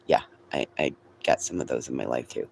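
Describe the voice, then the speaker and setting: A man's voice: a bass voice, brisk, gravelly, darkish tone, slight background noise. A man hosting a casual livestream, chatting with viewers in a rambling, chatty way and swearing freely. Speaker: livestream host.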